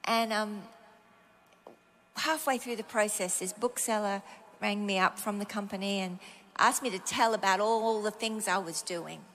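A woman's voice: medium pitch, measured pace, slight background noise. A middle-aged Australian woman preaching a sermon, telling personal stories and acting out her own prayers and conversations. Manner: animated, acts out her own prayers and dialogue.

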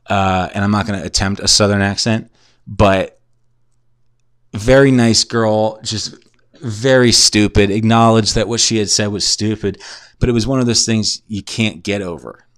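The recording is clean studio sound with no room echo: a man in his twenties, voice on the low side, speaking at normal speed with fairly even intonation. Hosting his podcast from a shared house while drunk and concussed, he rambles through a crude, profane story and pokes fun at himself.

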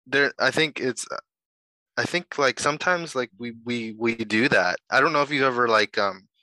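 A man's voice: mid-range voice, normal speed, bright, forceful tone, no echo, rough recording. A man chatting casually, hesitant, with lots of fillers. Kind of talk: casual conversation.

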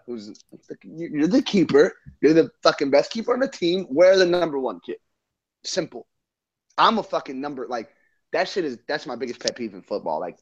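A man's voice: medium pitch, lo-fi sound. A man co-hosting a football podcast, ranting in casual, profane chat. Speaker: podcast co-host.

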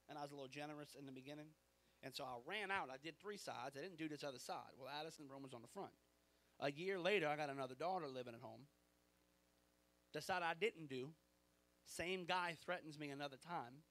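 Male pastor, fairly high voice, lively storytelling sermon. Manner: animated, conversational storytelling.

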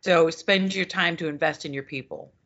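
Speaking at normal speed in a low voice, a woman co-hosts a casual podcast, animatedly telling stories and voicing quoted exchanges. She used to be a customer service manager, and the recording sounds dull and lo-fi.

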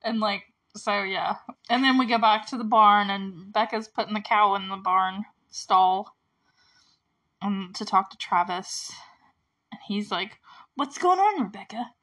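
A woman's voice: mid-range voice, fairly even intonation, unhurried, bright, forceful tone. A woman casually recapping a movie, chatty and giggly, full of filler words and acting out the characters' lines.

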